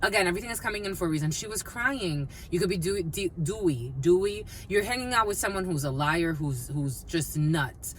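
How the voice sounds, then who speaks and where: A woman giving a casual collective tarot reading, mixing personal stories with blunt, animated talk and plenty of swearing. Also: fairly low pitch, fairly quick, hardly any pauses, slight background noise. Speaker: tarot reader.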